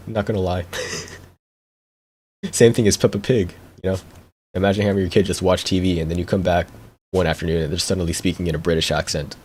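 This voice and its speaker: A man's voice: low-pitched, a little mellow. A young man streamer chatting casually, rambling, repeating words and laughing often. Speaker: VTuber streamer.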